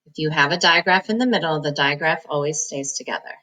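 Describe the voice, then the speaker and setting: A woman reading teacher giving a phonics lesson, slowly breaking words into syllables and sounds in a patient, encouraging manner. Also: deep voice, pushed and bright, low-quality recording.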